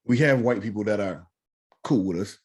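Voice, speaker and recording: Husky dude on a podcast, mid pitch, preachy and sweary, pushing his point hard. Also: moderate pace. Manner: earnest, lecturing, profane. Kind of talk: casual podcast chat.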